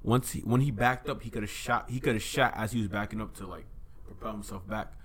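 A man talks anime with friends on a casual podcast, excited and loose, tripping over his words and restarting as he goes. His voice sits a little low for a man. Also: fast talker, slightly rough. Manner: animated, swearing, stumbling restarts. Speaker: podcast co-host.

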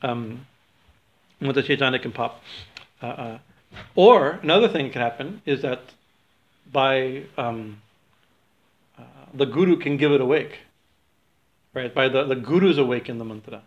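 A man teaching a small group in an informal spiritual talk, halting with many fillers and restarts. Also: mid-range voice, highs cut off.

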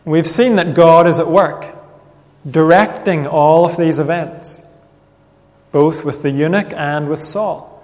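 A man preaching a sermon in an earnest, measured way, reading Bible passages aloud. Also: fairly high pitch, darkish tone. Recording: long reverb of a hall.

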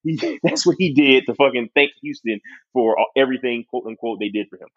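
A man rants about sports in a heated, profane way, his husky voice sitting a bit high and swinging widely in pitch. The recording is dull and lo-fi. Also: lively intonation, a little fast. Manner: profane, heated ranting with mocking quoted voices. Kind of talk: casual sports chat.

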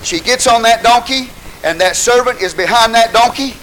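A man preaching a sermon with fervor, rising at times to shouts and calling out hallelujah to the congregation. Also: extremely high pitch, normal speed, slight background noise, rough recording. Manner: calls out hallelujah, asks the congregation questions.

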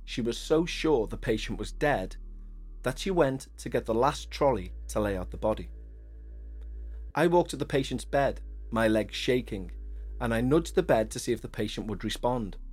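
Excitable male podcast host. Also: mid-range voice, moderate pace, slightly rough, soft background music. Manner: excitable, gushing exclamations between calm reading. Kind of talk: reading a listener's ghost story aloud, then casual chat.

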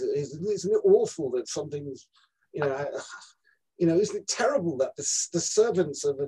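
A man's voice: medium pitch, warm tone, slightly rough. A man who coaches actors, talking casually as an interview guest and often restarting his sentences. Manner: restarts sentences, plain-spoken.

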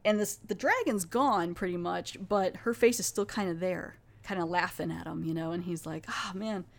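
A woman's voice: lowish voice, moderate pace, creaky. A woman podcast host casually recapping a TV episode, chatty and full of fillers and restarts.

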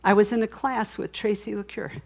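A woman giving a conversational sermon testimony, telling her story candidly with frequent restarts and asides, swinging between soft and emphatic. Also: mid-range voice, fairly even intonation, normal speed, gravelly. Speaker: speaker sharing a testimony.

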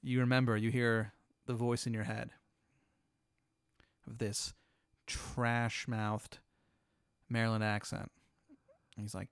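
A man's voice: mid-range voice, level tone, takes it slowly, creaky, long pauses, clean tone, no echo, studio quality. A man hosting a podcast, spinning a long improvised hypothetical in a laid-back, rambling way full of "like". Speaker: host.

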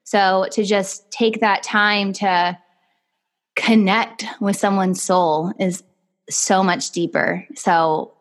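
A woman's voice: medium pitch, steady tone, takes it slowly. A woman hosting a podcast, chatting casually and enthusiastically with her guest. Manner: enthusiastic, gushing. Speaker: podcast host. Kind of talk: casual interview chat.

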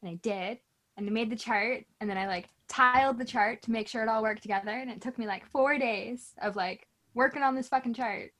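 Woman, high voice, chatty, self-deprecating, laughs a lot, casual podcast chat. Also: fairly quick, a bit bright. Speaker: podcast co-host.

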